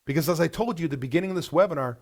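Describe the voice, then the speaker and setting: A man coaching restaurant owners in a webinar, with a fairly high, gravelly voice. His pitch swings widely as he fires blunt rhetorical questions. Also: lively intonation, rapid-fire. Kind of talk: webinar presentation.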